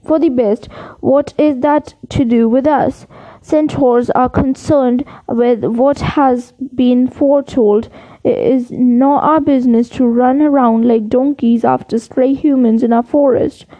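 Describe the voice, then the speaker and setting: A woman's voice: high-pitched, steady tone, unhurried, warm tone, dull audio. A woman reading aloud, voicing a proud, angry male centaur with stern, growling rebukes.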